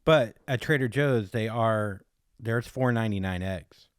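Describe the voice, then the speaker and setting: A man's voice: fairly low pitch, a little slow, clear, resonant tone, no room sound, clean studio sound. A man in his forties hosting a podcast in casual joking chat, laughing often and poking fun at himself. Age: 40s. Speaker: podcast host.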